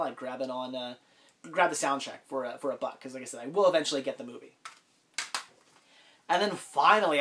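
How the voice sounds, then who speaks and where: A man with a stuffy, congested voice from a cold talks through his latest finds in a relaxed, rambling way. His voice sits a little above the usual for a man, and he keeps stopping for ums and restarting his sentences. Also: on the high side. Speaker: collector vlogger. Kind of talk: casual vlog haul talk.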